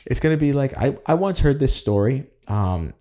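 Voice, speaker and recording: A man's voice: mid-range voice, lively intonation, normal speed, dark tone. A young man co-hosting a podcast, chatting casually and rambling through stories with frequent laughs. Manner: rambling storyteller, laughs often. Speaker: podcast co-host. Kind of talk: casual chat.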